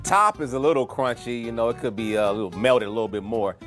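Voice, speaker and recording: A man casually reviewing a dish he tastes, relaxed and easygoing. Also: mid-range voice, fast talker, over music. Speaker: taste tester.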